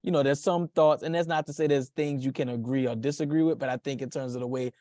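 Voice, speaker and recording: A male podcast host shares a memory in a reflective, thoughtful manner, pausing and restarting as he gathers his thoughts. His voice sits at a middle pitch. The recording is close and dry. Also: fairly even intonation, mellow, no room sound. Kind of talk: conversational interview.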